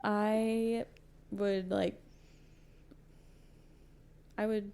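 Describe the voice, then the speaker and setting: A woman's voice: medium pitch, flat delivery, extremely slow, warm tone, clear, resonant tone. A young woman co-hosting a podcast, chatting casually about books, gushing and rambling with lots of fillers and laughter. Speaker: podcast co-host. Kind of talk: casual book chat.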